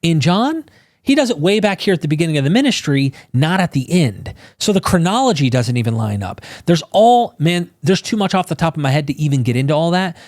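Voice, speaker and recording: A man talking casually as a podcast guest, animated and informal, acting out quotes in exclaiming voices. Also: fairly high pitch, brisk, no echo, clean studio sound. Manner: casual, swears and says bro.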